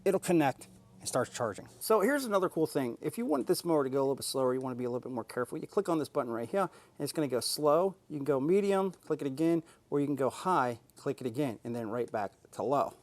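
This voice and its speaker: A tool reviewer films a casual product demo vlog outdoors, showing off a riding mower and chatting enthusiastically as he explains each step. His voice sits at medium pitch with lively intonation, and he talks fast. Audio comes from the camera mic, sometimes from an action camera mounted on the mower.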